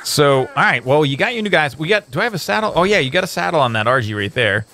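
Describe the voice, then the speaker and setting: A man hosting a gameplay video, upbeat and excitable, joking with a guest. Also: on the high side, fast talker. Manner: upbeat and excitable, playful banter. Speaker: host. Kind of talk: casual gameplay commentary.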